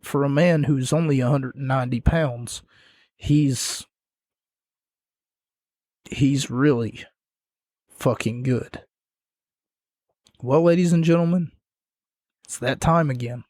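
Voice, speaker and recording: A man's voice: medium pitch, takes it slowly, long pauses, a little mellow, no room sound, clean studio sound. A man hosting a podcast, giving casual wrestling commentary in a sarcastic, mocking rant. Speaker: podcast host.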